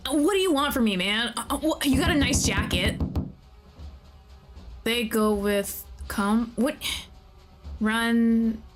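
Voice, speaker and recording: A young woman streaming a game, talking to the characters, excitable and often laughing or swearing. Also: on the high side, takes it slowly, pauses often, faint music behind. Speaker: VTuber streamer. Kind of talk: casual gameplay commentary.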